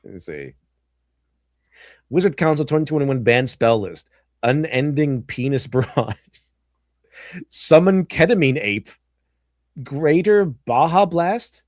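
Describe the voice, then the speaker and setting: A man chats loosely through a livestream, giggling at memes and breaking into goofy voices. His pitch swings up and down all the time. The sound is close and dry, with no room around it. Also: no room sound. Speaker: stream host. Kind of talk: casual livestream chat reacting to memes.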